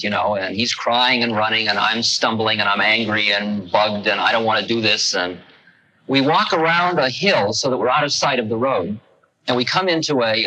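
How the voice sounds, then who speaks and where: A man's voice: medium pitch, pushed and bright, rough recording. A man in his thirties from the United States, giving a lecture as a wry, conversational storyteller in a 1969 recording. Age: 30s.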